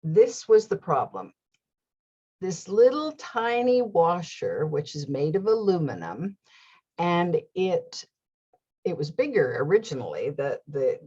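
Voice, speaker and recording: A woman hosting her own show, telling a personal story in a casual, animated way with frequent laughter. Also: sits low, slightly rough, lo-fi sound. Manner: animated, laughs often, restarts phrases. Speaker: host.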